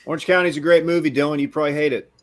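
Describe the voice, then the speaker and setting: A man in casual comedic banter, dropping dry, deadpan asides. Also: fairly high pitch, very fast. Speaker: panelist.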